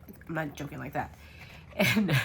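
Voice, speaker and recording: Whispering in a low, slightly bright voice with vocal fry, this woman sounds animated yet unhurried. She's making a journal and chatting casually, muttering and rambling with plenty of ums as she goes, her voice congested and tired from illness.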